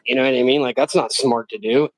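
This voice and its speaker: A man's voice: medium pitch, fast talker. A man streaming live, telling a story in casual chat, swearing constantly and acting out what people said. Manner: profane, animated, acts out quotes in raised voices.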